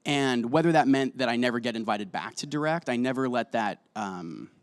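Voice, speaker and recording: A man's voice: medium pitch, expressive, normal speed, clean tone, no room sound. A man, a guest on an interview show, chatting playfully and rambling between jokes and earnest answers, tired and just over a cold. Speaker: guest actor and director. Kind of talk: casual interview chat.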